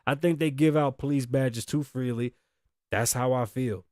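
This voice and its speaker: A man's voice: mid-range voice, normal speed, darkish tone, dry recording, clean studio sound. A man hosting a podcast, giving blunt, indignant commentary on the news, swearing freely and acting out the lines of the people in the story. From Las Vegas. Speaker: podcast host.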